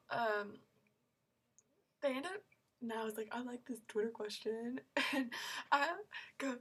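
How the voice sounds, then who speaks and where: A woman's voice: a little high, fairly bright tone. A teenage girl telling a story in a vlog, gushing and rambling with many fillers and squealing when she quotes herself. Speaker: vlogger.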